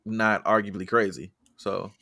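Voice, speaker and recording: A man's voice: lowish voice, unhurried. A man co-hosting a music podcast in casual, jokey chat. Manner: animated, jokey, breaks into loud impressions. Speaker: podcast co-host.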